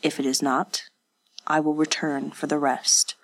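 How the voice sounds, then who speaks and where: A woman voicing a cold, dispassionate male spy with a flat, terse delivery. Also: deep voice, unhurried, pitched below the performer's own voice, poor audio.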